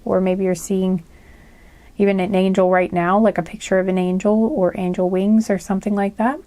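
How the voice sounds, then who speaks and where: A woman talks through a tarot reading in a loose, chatty way, with plenty of "um" and "like" as she goes. Her voice is soft and mellow rather than bright, and sits at an ordinary middle pitch. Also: level tone, normal speed, no room sound. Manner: rambling and chatty, with many fillers. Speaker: tarot reader. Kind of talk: casual spoken tarot reading.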